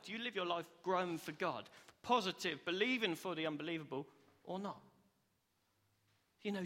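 A young man, a preacher and cell group leader, delivers a sermon in a church hall, earnest and upbeat, acting out the reactions he describes. His voice is high-pitched, pushed and bright, with long hall reverb.

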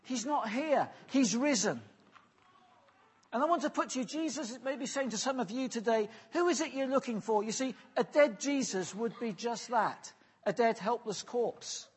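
Man, sermon, husky, high voice, earnest pastoral delivery. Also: expressive, normal speed. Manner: earnest, pastoral, drops softly at phrase ends. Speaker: preacher.

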